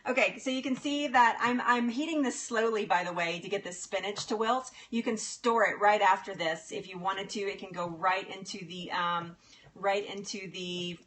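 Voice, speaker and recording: In her home kitchen, a woman hosts a casual cooking livestream in a medium-pitched, slightly bright voice, with slight background noise. She is chatty, laughs often and talks to her viewers by name.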